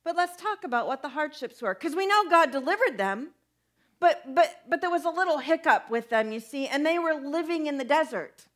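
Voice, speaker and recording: A woman's voice: high-pitched, moderate pace. A young woman pastor preaching a conversational sermon, asking her listeners questions as she goes. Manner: conversational, animated, asks the congregation questions.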